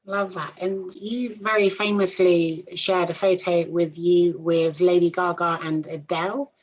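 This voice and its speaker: A woman's voice: lowish voice, flat delivery, measured pace. Woman host with a slightly dull sound. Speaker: interview host. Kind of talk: casual interview.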